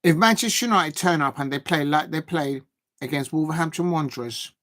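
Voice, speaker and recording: Rambling football streamer. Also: male voice, fairly high pitch, a little fast, fairly bright tone. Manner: rambling, chatty, thinks aloud with many fillers. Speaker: football livestream host. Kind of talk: casual live chat reacting to viewers.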